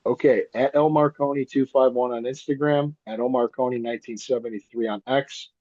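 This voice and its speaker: A husky, slightly breathy man in his fifties chats casually as an interview guest, circling back over his words and laughing often. The sound is dry and a little muffled, like a lo-fi remote line. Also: mid-range voice, steady tone, a little fast, darkish tone, no room sound. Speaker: guest, pro wrestler and podcaster.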